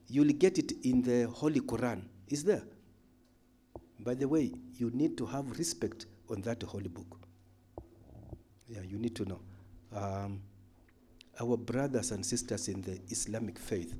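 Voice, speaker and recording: A man teaching a Bible study in a church hall, emphatic, moving between loud calls and quiet asides. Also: medium pitch, a little hiss or hum. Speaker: pastor.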